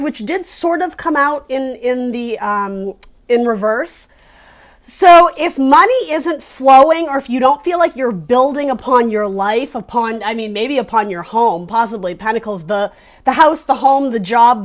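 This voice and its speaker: A woman with a slightly raised voice talks through a tarot reading in a casual, searching way. She speaks straight to the viewer and often restarts her phrases while she finds the right words. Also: on the high side. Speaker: tarot reader.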